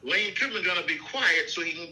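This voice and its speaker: Bright-voiced emphatic male preacher. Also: high-pitched, animated, brisk, rough recording. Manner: emphatic, repeats "okay?" and "you see?". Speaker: minister teaching scripture. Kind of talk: informal Bible teaching.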